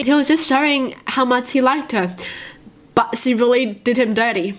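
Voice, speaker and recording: A woman with a hoarse voice from a sore throat, chatting and giggling as she reads stories aloud and reacts to them. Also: a little high, moderate pace. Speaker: reaction video host. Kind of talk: casual reaction vlog, reading stories aloud.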